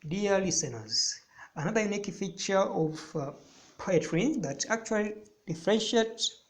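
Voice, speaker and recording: A man with a high-pitched voice and lively intonation teaches a recorded literature lesson. He explains slowly and deliberately, repeating phrases for emphasis.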